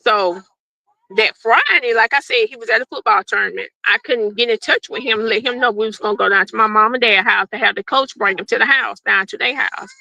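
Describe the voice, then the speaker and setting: A middle-aged woman recounts her own story in a gravelly, fry-laced voice that sits a little high for a woman. Her tone is bright and forceful, and she speaks plainly, slipping into the voices of the people she quotes. The recording is dry and close. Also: fairly quick, dry recording, muffled recording. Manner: plain-spoken, acts out quoted dialogue. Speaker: guest telling her survival story. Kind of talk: unscripted personal storytelling.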